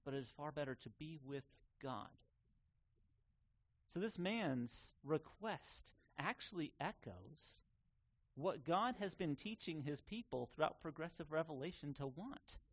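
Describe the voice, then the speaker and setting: A man preaching a sermon in an earnest, conversational way, sometimes pausing on fillers. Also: medium pitch. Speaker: pastor.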